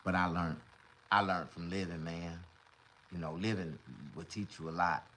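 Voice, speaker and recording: A middle-aged man, talking casually on a livestream and swinging between loud mock crying and low muttering. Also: steady tone, normal speed, a little hiss or hum.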